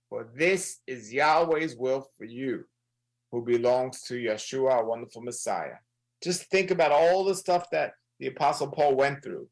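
An earnest man preaching during a prayer time, with a gravelly edge to his voice. He repeats key phrases and draws them out slowly for emphasis. His pitch sits in an ordinary middle range. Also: low-quality recording. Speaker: prayer leader. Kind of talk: sermon-style prayer broadcast.

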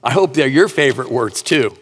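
A pastor preaching a sermon with earnest emphasis, reading scripture slowly and rising in pitch on key points. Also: male voice, animated, fairly bright tone, breathy edge.

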